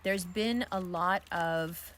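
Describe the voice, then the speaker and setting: A woman's voice: on the low side, takes it slowly, a bit bright, slight background noise. A woman giving a casual, candid astrology card reading outdoors, talking loosely with plenty of fillers and the odd swear word.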